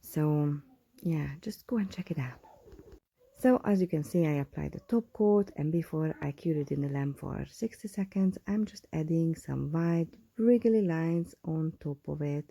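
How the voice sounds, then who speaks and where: A woman, a nail technician, chatting to viewers in a casual tutorial voice-over, often dropping into soft whispered asides. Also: deep voice, moderate pace, vocal fry, dry recording. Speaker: nail technician, channel host. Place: at home.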